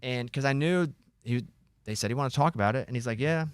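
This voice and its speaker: A radio host tells a story to his co-hosts, bouncing through it in an animated, chatty way and playing the other people's lines. His voice sits in an everyday middle range. The studio sound is dry and close. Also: mid-range voice, fast, smooth, no room sound. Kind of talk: casual talk show storytelling.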